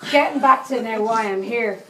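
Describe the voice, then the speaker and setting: A woman's higher-pitched voice, close to her everyday one, plays a cheeky 78-year-old Dublin psychic who swears constantly in a thick Dublin Irish accent during a live stage comedy monologue. She talks at a moderate pace, and the far-off mic catches an echoey room with slight background noise.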